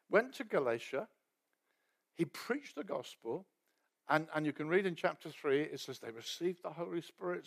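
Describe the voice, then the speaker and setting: A man preaching a sermon in a conversational storytelling way, often dropping to a soft aside and acting out quoted voices. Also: a little high.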